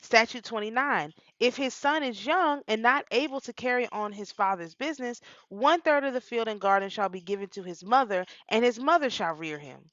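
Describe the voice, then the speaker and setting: A woman's voice: a little high, expressive, moderate pace, few pauses, fairly bright tone, no room sound. A woman, reading statutes aloud and breaking off into emotional asides. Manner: reads statutes then reacts with emotional asides. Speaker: reader and commentator. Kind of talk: reading a law code aloud with commentary. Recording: dry, dull lo-fi sound.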